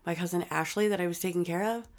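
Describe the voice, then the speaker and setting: Blunt, low-voiced woman swearing freely. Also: fast. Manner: blunt, profane, emphatic. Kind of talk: casual chat.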